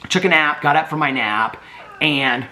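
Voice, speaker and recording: A man's voice: a little high, normal speed, sharp tone. A man vlogging at home in a casual, rambling chat. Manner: chatty, rambling, baby-talks to his dogs.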